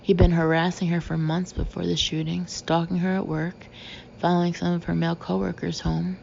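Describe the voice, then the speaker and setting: A woman narrator voicing a gruff, bitter, middle-aged male detective who talks bluntly and sarcastically. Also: lowish voice, little pitch movement, moderate pace, darkish tone, muffled recording, a little hiss or hum.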